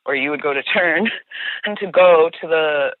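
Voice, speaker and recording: A woman's voice: low-pitched, unhurried, no room sound. A young woman guest on a podcast, chatting casually and giggling as she tells a story. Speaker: podcast guest, tour guide. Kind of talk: casual chat. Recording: tinny phone line, dry.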